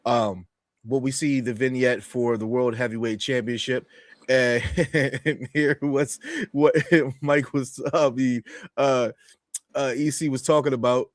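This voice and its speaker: A man's voice: mid-range voice, steady tone, dry recording, studio quality. A man co-hosting a wrestling review, chatting casually, often stopping to restart and laughing easily. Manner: halting, with frequent restarts and easy laughter. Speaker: podcast co-host reviewing wrestling.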